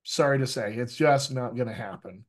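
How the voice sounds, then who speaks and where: A mid-pitched American man talks actors through accent work in a live online session. He is lively and teacherly, and keeps checking in with his listeners. The sound is that of a video call. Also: moderate pace. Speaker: dialect coach. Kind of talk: live online coaching talk.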